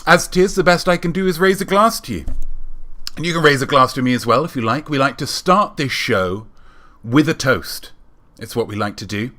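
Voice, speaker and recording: Male host, mid-range voice, mock-grand deadpan delivery, loose live-stream patter full of shout-outs. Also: medium pitch, normal speed. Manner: reads out viewer names in a running patter. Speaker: livestream host. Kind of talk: playful live-stream chat.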